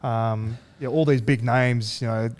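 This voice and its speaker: A man, a guest telling stories in a relaxed, halting way with frequent chuckles. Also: mid-range voice. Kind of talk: casual storytelling.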